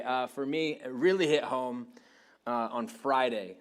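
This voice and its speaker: A man's voice: mid-range voice, unhurried. A man in his late thirties preaching a sermon, telling a rambling, self-deprecating story with frequent restarts. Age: 30s. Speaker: pastor.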